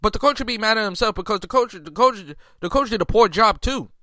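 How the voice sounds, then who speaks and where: Heated high-voiced man ranting about basketball. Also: fast, bright, forceful tone, no room sound, studio quality. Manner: heated, repetitive restarts, incredulous outbursts. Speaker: sports podcast host. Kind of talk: casual sports commentary.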